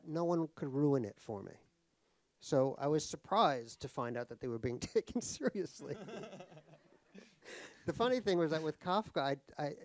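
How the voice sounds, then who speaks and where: A man's voice: on the high side, darkish tone, no room sound. A middle-aged man, an author telling comic stories about himself at a live talk. He is wry and self-deprecating, laughs at his own jokes, and rambles through fillers and restarts. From United States (New York). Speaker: author guest in a stage conversation. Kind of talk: comic anecdotal storytelling. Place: live talk at a cultural center.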